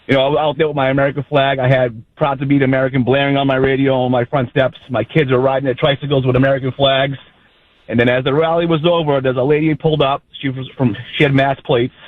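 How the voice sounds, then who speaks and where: Fast-talking male caller on phone line. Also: medium pitch, dry recording. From New Hampshire. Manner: fast, indignant storytelling. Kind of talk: telling a story to a radio host. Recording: dry, tinny phone line.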